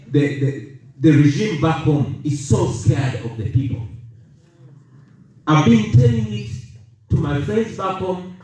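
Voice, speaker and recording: A Ugandan man in his thirties giving a rallying speech to an audience, emphatic and deliberate, leaning on repeated key phrases. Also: on the high side, darkish tone. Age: 30s. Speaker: political speaker. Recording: echoey room, voice heard from a distance.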